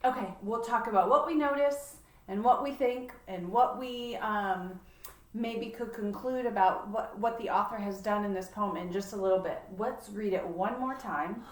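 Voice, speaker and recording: A woman leading a poetry lesson for children, talking in a slow, encouraging way with frequent fillers. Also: mid-range voice. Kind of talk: patient lesson for children, reading a poem aloud. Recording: echoey room, distant mic.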